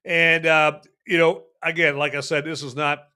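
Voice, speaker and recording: A man's voice: a little high, flat delivery, moderate pace, bright, forceful tone, clean tone. A man casually reviewing a beer on a podcast, rambling with lots of fillers, restarts and jokes. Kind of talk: casual chat.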